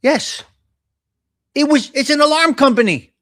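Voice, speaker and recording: A man hosts a live chat stream. His voice sits high, and he rants excitably with plenty of profanity. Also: measured pace. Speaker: host.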